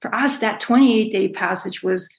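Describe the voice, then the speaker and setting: The guest in this conversational interview is a middle-aged woman who sails and writes books. Her gravelly, medium-pitched voice moves at a moderate pace as she talks at length, rambling, self-correcting and laughing lightly now and then, all captured on a low-quality recording.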